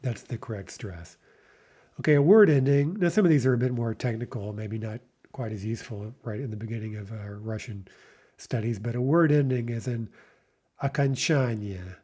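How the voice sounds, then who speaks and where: A man teaching a vocabulary lesson, saying each word slowly and repeating it, with patient explanations. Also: medium pitch, mellow, slightly rough. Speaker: language teacher.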